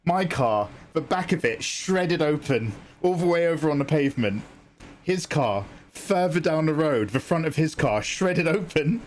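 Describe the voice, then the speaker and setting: A man's voice: fairly high pitch, animated, unhurried, a little hiss or hum. A British man chatting casually with viewers on a live art stream, telling stories in a rambling, chatty way with casual swearing.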